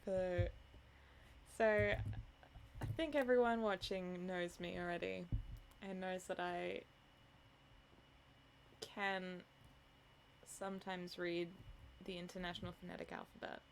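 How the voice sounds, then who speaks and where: Slow, creaky, sleepy woman streamer. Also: lowish voice, fairly even intonation, a little hiss or hum. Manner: rambling, self-mocking, chatty. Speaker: streamer reading a novel aloud. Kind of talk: casual chat with viewers.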